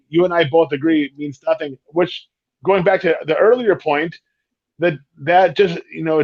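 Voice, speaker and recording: A man's voice: fairly high pitch, lo-fi sound. A man on a wrestling talk panel giving earnest, critical opinions and repeating points for emphasis. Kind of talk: casual panel chat, opinionated.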